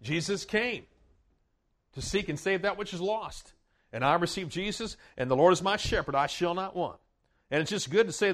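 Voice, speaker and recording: Preacher man, folksy, stammers and restarts, then declares loudly; slightly high-pitched. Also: expressive, moderate pace. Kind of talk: sermon.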